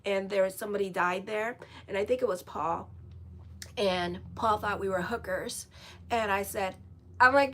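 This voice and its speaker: A woman astrologer telling a story in a casual, animated way, blunt and swearing freely as she rambles. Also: medium pitch, normal speed, a little hiss or hum. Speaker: astrologer and tarot reader.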